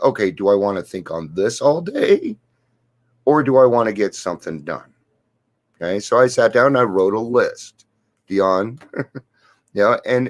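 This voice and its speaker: A middle-aged man talking to camera in an earnest, confiding way, sharing a daily recovery reflection and stories. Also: fairly low pitch. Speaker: recovery vlogger.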